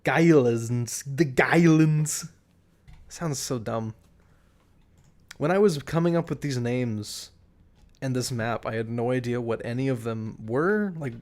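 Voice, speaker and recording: A man streaming live, chatting casually in a rambling way, restarting his sentences and laughing at himself. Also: medium pitch.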